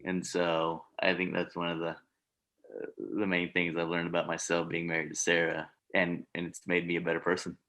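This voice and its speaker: Male podcast guest, very low and even voice with a bright edge, earnest. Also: moderate pace. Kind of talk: casual conversation.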